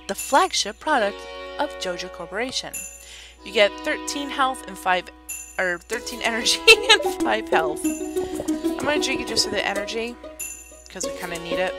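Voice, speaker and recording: A woman's voice: medium pitch, animated, brisk. A woman streamer giving casual gameplay commentary, chatty, thinking aloud and correcting herself as she goes. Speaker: game streamer. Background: loud game music.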